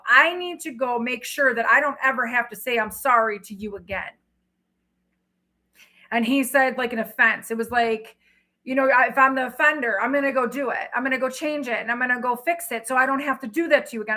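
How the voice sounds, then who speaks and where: A woman's voice: fairly high pitch, bright, forceful tone, poor audio. A middle-aged woman, a tarot reader, talking to her livestream chat in a blunt, emphatic way that is full of profanity. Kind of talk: casual livestream talk.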